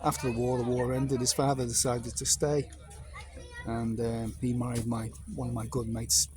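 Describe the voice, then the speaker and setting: A man's voice: mid-range voice, level tone, normal speed, noisy background. A man in his fifties from North Wales with a North Welsh accent, telling casual anecdotes in a meandering, digressive way.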